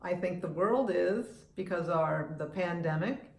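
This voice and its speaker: A woman's voice: on the low side, normal speed, gravelly, reverberant. A woman in her seventies from the United States, talking casually to camera on her own vlog, chatty and opinionated, often restarting her sentences. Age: 70s. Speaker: vlogger and humorist.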